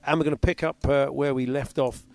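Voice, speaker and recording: A man's voice: medium pitch, fairly even intonation, brisk, vocal fry. Joking radio host man. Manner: joking, jumps into silly put-on voices. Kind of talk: casual banter on a radio podcast.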